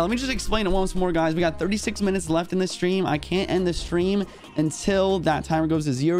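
A young man streaming a mobile game, calling out each move in quick play-by-play while a little short on sleep. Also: a little high, a little mellow. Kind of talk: live gameplay commentary.

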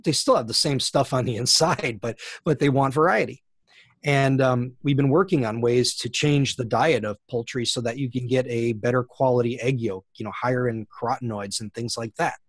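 A man's voice: mid-range voice, moderate pace, no echo. Thoughtful man, dry close sound. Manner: thoughtful, many fillers and restarts. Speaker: guest, plant scientist. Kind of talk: conversational interview answers.

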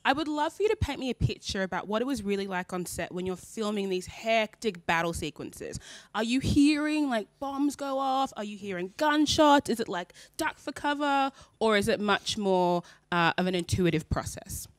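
Animated woman interview host. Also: mid-range voice, moderate pace, dry recording. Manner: animated, curious questioning. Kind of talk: interview hosting. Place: interview studio.

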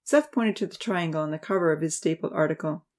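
Woman, audiobook narrator, steady storytelling, lowish pitch. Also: quick pace.

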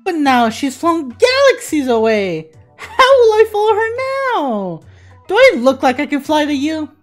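A woman voicing a whiny, possessive girl collector who is easily angered, with a petulant, shrill way of talking. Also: huge pitch swings, slow pace, faint music behind, heavily acted. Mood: whiny angry. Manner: petulant and shrill, shouting demands.

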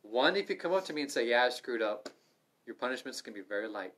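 A middle-aged man leading a livestreamed Bible study, earnest and conversational, swinging from loud urging to soft asides. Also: mid-range voice, lively intonation, brisk. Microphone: livestream microphone.

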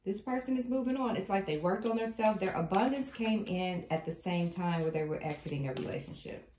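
Casting: animated woman tarot reader, medium pitch, echoey room with faint hiss. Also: a little fast. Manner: emphatic, repetitive, animated storytelling. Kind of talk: spiritual tarot reading to viewers.

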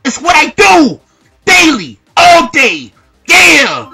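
Shouting, trash-talking gamer man, high voice. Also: very animated, slow, gravelly. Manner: loud trash-talking, frequent shouting and profanity. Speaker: gamer commentating own matches. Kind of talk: hyped gameplay commentary. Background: fighting game music.

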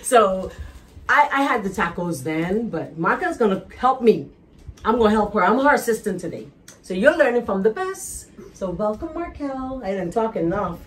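A woman's voice: medium pitch, expressive, normal speed. A Bahamian woman hosting a cooking show from her kitchen, chatting in a bubbly, teasing way. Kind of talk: lively cooking show chat. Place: home kitchen.

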